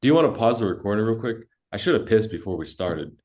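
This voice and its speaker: A man's voice: fairly low pitch, expressive, fast talker, a little mellow. A young man co-hosting a podcast, telling rambling stories full of cussing, "dude" and "like" in casual chat. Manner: rambling storytelling, heavy cussing, lots of "dude" and "like". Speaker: podcast co-host.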